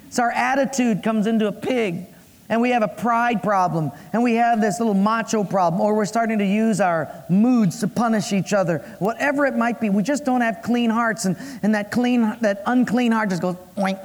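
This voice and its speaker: A male preacher with a notably high voice delivers a sermon with a playful streak, slipping into character voices and puns. His words ring out with the long echo of a large hall. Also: moderate pace. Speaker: pastor.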